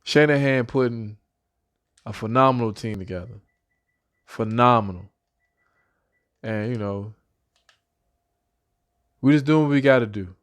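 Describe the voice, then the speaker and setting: A young man excitedly giving a casual football prediction as a fan, repeating himself and speaking loosely. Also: medium pitch, a little slow, pauses often, clean tone. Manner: excited, repetitive, talks like a fan. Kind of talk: casual sports prediction vlog.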